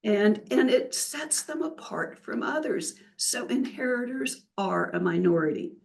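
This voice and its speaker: Here a podcast guest, an older wealth counselor, spins stories in a casual interview, her voice a little high, creaky, and measured. She's a lively storyteller who acts out the quotes.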